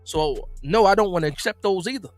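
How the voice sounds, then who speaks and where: A man's voice: sits high, lively intonation, brisk, no echo, faint music behind. A man hosting a casual live-stream, reading viewers' comments aloud and reacting to each, often repeating his words. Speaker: host.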